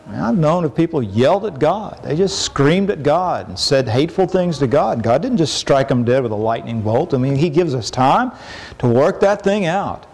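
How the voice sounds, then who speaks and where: A middle-aged man preaching a sermon in a conversational way, acting out quoted complaints with sudden rises in pitch. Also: lively intonation, normal speed, gravelly, a little mellow, breathy edge.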